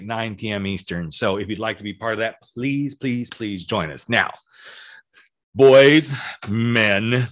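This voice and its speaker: Man over forty, from the American South, podcast host, cheeky emphatic advice talk, mid-pitched voice. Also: a bit bright. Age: 40s or older. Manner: chatty, cheeky and emphatic, with swings in pitch and pace.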